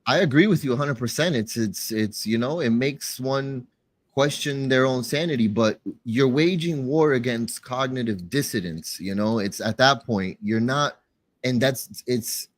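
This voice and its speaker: A level-headed man talks in long, considered sentences. His voice sits at a medium pitch and is heard dry and close. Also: dry recording. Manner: measured, calm, wordy.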